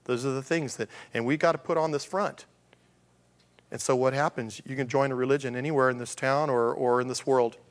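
A man's voice: mid-range voice, steady tone, brisk. A male pastor preaching a conversational sermon, asking rhetorical questions and acting out the voices of the people he quotes.

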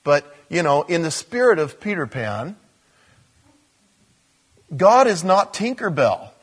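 A man preaching a conversational sermon as a pastor, with animated bursts. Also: on the high side, slow, slightly rough.

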